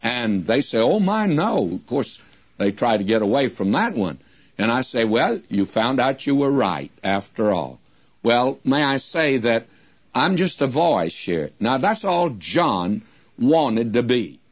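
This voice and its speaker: An older man gives a radio sermon at a very slow, unhurried pace. He talks plainly and deliberately and reads scripture in old English. The sound is dry and dull, like an old lo-fi radio broadcast. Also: mid-range voice, big pitch swings, no echo. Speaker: radio Bible teacher.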